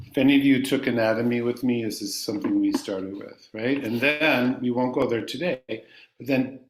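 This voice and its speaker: Slow-speaking man teaching a chant class. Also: mid-range voice, reverberant. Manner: unhurried, explanatory, sings long vowels for students to repeat.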